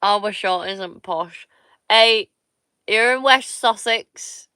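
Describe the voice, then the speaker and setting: A woman, chatting slowly and easily with her livestream viewers. Her voice is bright and crisp, and she is blunt and teasing and swears freely. The sound is close and dry, with no room echo. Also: medium pitch. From Somerset, England. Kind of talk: casual live-stream chat with viewers.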